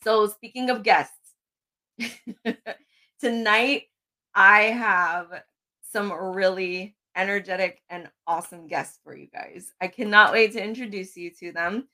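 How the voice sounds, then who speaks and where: A woman's voice: medium pitch, fairly even intonation, slow, pushed and bright. A bubbly woman who laughs easily, hosting a casual podcast on a video call. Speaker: podcast host.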